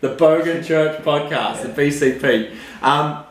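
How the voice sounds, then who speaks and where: A man's voice: a little high, unhurried. An Australian man hosting a casual vlog and podcast, talking in a laid-back, rambling way with lots of fillers, in a room. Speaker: vlogger and podcast host. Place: indoor room. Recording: roomy echo.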